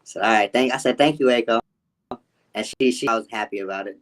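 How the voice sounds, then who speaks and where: A man co-hosting a live show. He talks casually and haltingly, restarting his sentences and using loose, relaxed grammar. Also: on the low side. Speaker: co-host. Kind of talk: casual chat.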